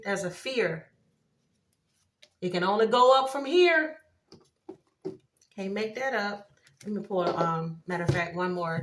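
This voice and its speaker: Excitable woman reading tarot cards aloud. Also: medium pitch, a little hiss or hum. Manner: excitable, exclaims at cards, laughs often. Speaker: tarot reader. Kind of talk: casual tarot reading to viewers.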